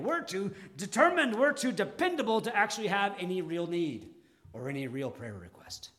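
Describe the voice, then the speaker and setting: A male pastor preaching a sermon, deliberate and dramatic, pausing often and swinging between emphatic and hushed delivery. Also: medium pitch.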